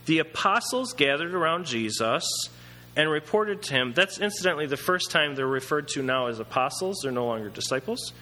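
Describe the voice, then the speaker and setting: A male preacher with a bright, forceful voice that leaps up and down in pitch as he retells the story. He talks in an easy conversational way and drops into acted-out voices. A long reverb hangs on his words, as in a big hall. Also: a little fast. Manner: conversational, animated, acts out characters. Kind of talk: sermon.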